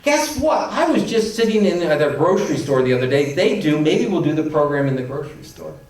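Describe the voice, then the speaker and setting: A man delivers an animated conference talk with a playful, emphatic edge, slipping into quoted voices as he goes. His voice rides high. It reaches the listener from a distance, washed in heavy hall echo. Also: fairly quick. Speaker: conference keynote speaker. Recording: echoey hall, distant mic.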